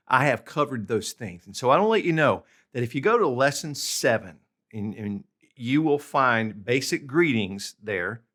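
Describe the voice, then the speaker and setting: A man's voice: mid-range voice, fairly bright tone. A man teaching a language lesson on video, patient and explanatory, often checking in with "okay?" and "all right?". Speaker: language tutor.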